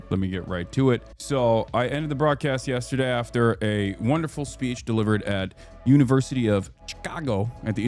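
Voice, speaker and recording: A man in his thirties, a live streamer, telling stories in casual chat with an animated, profane, ranting manner. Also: lowish voice. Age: 30s.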